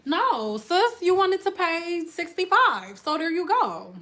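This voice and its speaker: A woman's voice: very high voice, sing-song, takes it slowly, a bit bright. A woman hairstylist chatting on a live stream, speaking bluntly and emphatically and acting out her customers' lines in an exaggerated voice. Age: adult with school-age children. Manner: acts out quoted customers in an exaggerated voice. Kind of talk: casual live-stream chat.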